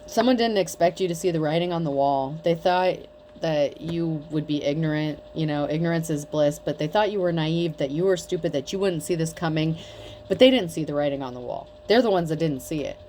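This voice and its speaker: A woman's voice: low-pitched, fairly quick, warm tone, a little hiss or hum. A woman giving a casual tarot reading, talking bluntly with lots of swearing and mockery. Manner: blunt, profane, mocking. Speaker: tarot reader.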